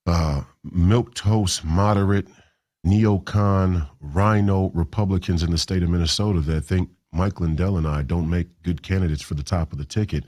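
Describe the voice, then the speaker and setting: A man hosts a political talk show from a broadcast studio, his lowish voice rising and falling dramatically. He argues emphatically, doubling back on words as he presses his points. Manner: combative, emphatic, with frequent restarts.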